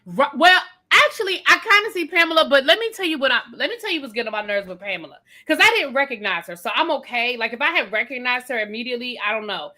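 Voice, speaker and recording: A woman's voice: high voice, expressive, fast, few pauses, pushed and bright. A woman co-hosting a soap opera recap livestream, chatty and emphatic, often repeating herself for effect. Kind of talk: casual livestream chat.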